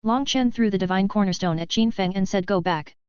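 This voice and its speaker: A woman giving steady, scripted narration of a web novel as an audiobook narrator. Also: medium pitch, brisk, clear, resonant tone, no echo. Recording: dry, slightly dull lo-fi recording.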